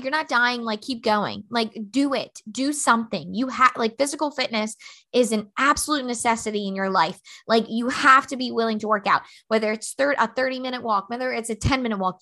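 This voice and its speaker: A woman's voice: a little high, bright, forceful tone. A woman in her thirties hosting a motivational podcast, talking bluntly and emphatically with lots of fillers. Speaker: podcast host.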